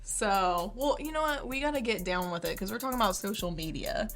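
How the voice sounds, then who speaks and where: A woman's voice: medium pitch, expressive, a bit bright. A playful woman hosting a podcast with her husband, teasing and chatty, with faint music behind her. Her voice sits in an ordinary middle range for a woman. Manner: playful, teasing, quick to laugh. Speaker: podcast co-host. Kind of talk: casual chat.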